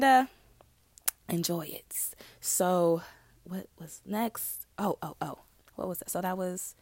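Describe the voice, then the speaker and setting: A woman's voice: lowish voice, vocal fry, dry recording. A young adult woman vlogger telling a personal story in casual, profane, rambling chat.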